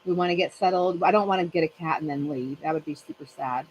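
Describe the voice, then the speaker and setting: A woman's voice: deep voice, fast, a little mellow, slight background noise, poor audio. A middle-aged woman hosting a casual chat with friends, telling a rambling story and laughing often. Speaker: channel host.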